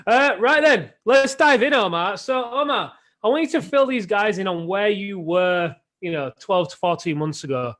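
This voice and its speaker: A man's voice: sits high, animated, moderate pace, hardly any pauses, fairly bright tone. A man hosting a live video interview for a men's coaching group, chatty and upbeat, prodding his guest with short questions.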